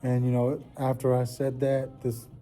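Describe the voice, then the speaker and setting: A man's voice: mid-range voice, completely flat delivery, moderate pace, mellow, faint music behind. A man talking casually in a vlog, rambling and heartfelt, with lots of fillers. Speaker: vlogger. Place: at work.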